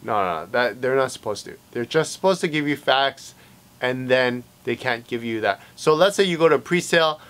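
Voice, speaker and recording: A man's voice: medium pitch, lively intonation, normal speed, a bit bright, clear, resonant tone. A man working as a realtor, explaining agency rules in a casual, conversational way, full of fillers and acted-out client exchanges. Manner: conversational, many fillers, acts out client dialogue. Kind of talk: casual explainer talk to camera.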